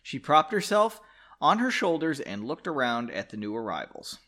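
A man's voice: medium pitch, big pitch swings, normal speed, fairly bright tone. A man hosting a podcast, reading his own novel aloud and drinking as he goes, breaking in with sarcastic, profane, self-mocking asides. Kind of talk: comic read-aloud with asides.

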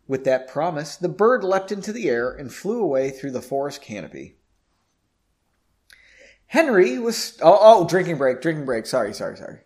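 A man reads a fantasy story aloud in a relaxed, casual way, often stopping for jokey asides and re-reading lines he stumbles on. His voice sits slightly high and swings widely in pitch. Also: normal speed. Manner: chatty, self-correcting, jokey asides. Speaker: reader.

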